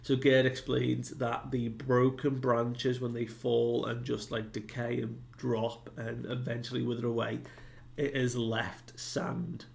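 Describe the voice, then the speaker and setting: A man's voice: medium pitch, level tone, slow, gravelly. A man giving a casual recap of a comic chapter, retelling it loosely with many fillers and asides. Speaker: manga reviewer.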